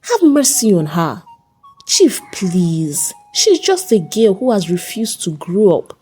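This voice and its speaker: A woman voicing a bossy young woman who talks in a shrill, emphatic way, in a storybook reading. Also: big pitch swings, slow pace, mellow, breathy edge, soft background music, exaggerated voice. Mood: pleading. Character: bossy young woman, scolding then pleading.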